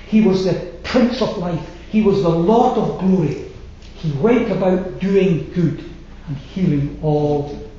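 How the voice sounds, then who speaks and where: A man preaching a sermon, slow and emphatic, letting his phrases fall away to a hush. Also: fairly high pitch, a little hiss or hum. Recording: very echoey hall, slightly dull sound.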